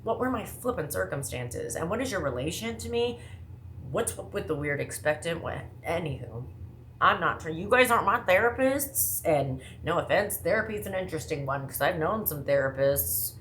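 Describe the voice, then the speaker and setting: A woman from the American Midwest talking casually to her viewers, rambling fast with lots of asides and self-interruptions. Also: low voice, lively intonation, a bit bright, a little hiss or hum. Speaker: vlogger. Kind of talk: casual monologue to camera.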